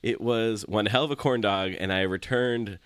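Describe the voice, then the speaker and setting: A man co-hosting a casual podcast, a little stuffy from a cold, relaxed and chatty. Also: on the low side, normal speed, clean tone, dry recording. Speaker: podcast co-host.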